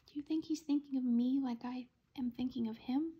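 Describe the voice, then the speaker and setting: A woman's voice: high-pitched, steady tone, brisk, breathy edge, dull audio, voice pushed up. A woman doing an earnest young girl. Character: anxious young girl who loves animals.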